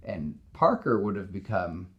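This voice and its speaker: A man doing a quietly scheming businessman. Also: low voice, sing-song, unhurried, husky, lo-fi sound, exaggerated voice.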